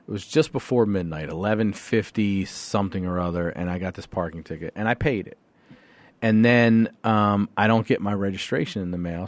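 A man spinning a profane story in relaxed podcast chat, jumping between his own voice and the voices of the people he argued with. The sound is dry and close, with no room echo. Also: sits low. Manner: profane, animated storyteller acting out both sides of phone calls. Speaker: podcast guest.

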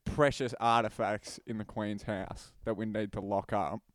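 A man's voice: on the low side, fairly even intonation, measured pace, dry recording, studio quality. A man, co-hosting a podcast, quibbling with restarts and stammers. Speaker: podcast co-host. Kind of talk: casual chat.

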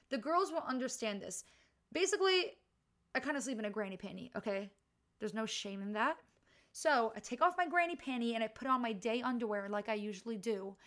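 Woman host rambling thru a story time, kinda high voice, chatty and self-deprecating. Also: fairly bright tone. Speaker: podcast host. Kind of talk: casual story-time monologue. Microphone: home podcast mic with wire.

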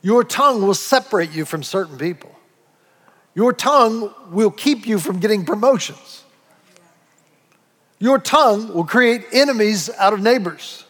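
High-voiced man preaching in a reverberant hall. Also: a little slow. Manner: animated preaching with acted-out asides and quoted voices. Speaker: pastor. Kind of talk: sermon.

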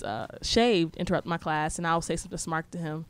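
A woman's voice: lowish voice, fairly even intonation, a little fast, hardly any pauses, clean tone. A young woman telling a story in casual, slangy speech, blunt and sarcastic.

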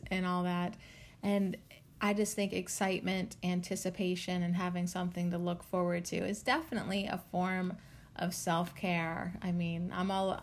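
A woman hosting a casual solo podcast, chatty and bubbly, rambling with lots of fillers and little giggles. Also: mid-range voice. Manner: loose, rambling talk with many fillers. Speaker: podcast host.

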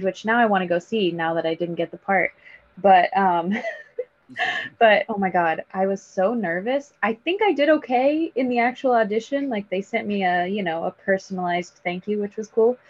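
A woman's voice: mid-range voice, normal speed, no echo. A woman telling stories as a podcast guest, bubbly and self-mocking, sprinkling her talk with "like". The recording is a little dull and muffled. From United States. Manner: bubbly, self-deprecating, fillers like "like". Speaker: actress guest. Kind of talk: casual podcast interview.

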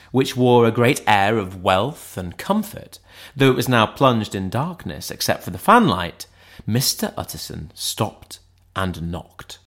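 A male narrator reads a classic novel aloud. His voice sits on the low side, and his intonation rises and falls widely. The reading is expressive and steady.

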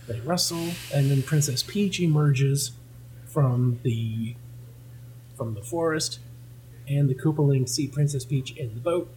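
A man's voice: on the high side, unhurried, dark tone, slight background noise, poor audio. A man hosting a casual comic read-through, joking and laughing as he narrates. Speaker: host.

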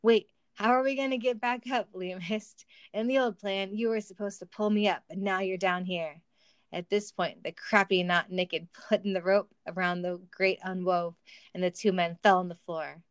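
A woman's voice: fairly low pitch, little pitch movement, moderate pace, smooth, no room sound. A woman reading a silly story aloud for comedy, with wry asides and laughter. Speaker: reader of a fan story.

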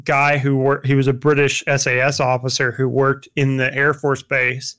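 A man's voice: medium pitch, completely flat delivery, moderate pace, a bit bright. A young man chatting casually about films, rambling with lots of fillers and restarts.

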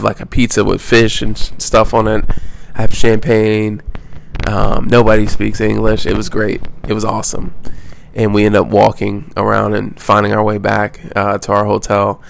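A young man from the United States tells a travel story in a loose, rambling way, swearing freely and restarting his sentences. His voice sits low and flat, with a gravelly edge. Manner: rambling, profane, full of restarts. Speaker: travel vlogger. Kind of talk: casual storytelling.

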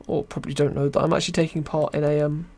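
A young man from Britain races through his casual live podcast, speaking very fast with a flat delivery in a fairly high, darkish voice. Tired and wearing thin, he rambles, teases himself, and reads chat aloud in a British accent.

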